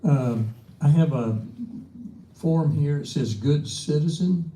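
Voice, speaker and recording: Dark-voiced man chairing a meeting. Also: on the high side, takes it slowly, slight background noise. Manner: brief, procedural. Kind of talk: calling speakers at a meeting. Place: city council chamber. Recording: echoey council chamber.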